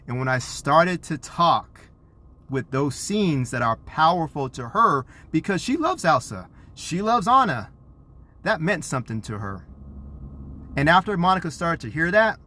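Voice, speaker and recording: A man, a parent, earnestly telling a personal story to camera, animated and acting out what was said. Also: a little high. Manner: earnest, animated retelling with acted quotes; self-described introvert.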